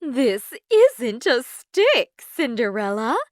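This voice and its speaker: A woman voicing a cheerful, scatterbrained fairy godmother with an airy, unhurried manner. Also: on the high side, very animated, no echo, clean studio sound. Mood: breezy. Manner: airy, breezy, slightly slower.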